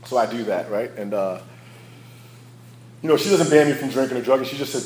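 A man's voice: medium pitch, expressive, fast talker, long pauses, darkish tone, reverberant, a little hiss or hum, low-quality recording. A man sharing his personal recovery story as a candid, storytelling speaker who laughs at his own past. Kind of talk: personal testimony talk.

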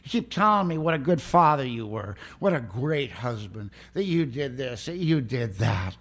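A man's voice: medium pitch, big pitch swings, normal speed, fairly bright tone. A man voicing a blunt older male priest who scolds him while retelling a story. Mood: scolding. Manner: scolding, lecturing.

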